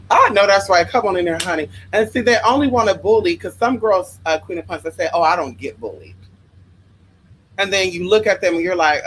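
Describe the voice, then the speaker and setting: A woman's voice: fairly low pitch, a bit bright, slight background noise, low-quality recording. A young woman from Los Angeles hosting a livestream, giving spiritual advice in an emphatic, profane, sassy rant that keeps calling listeners honey. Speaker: livestream host.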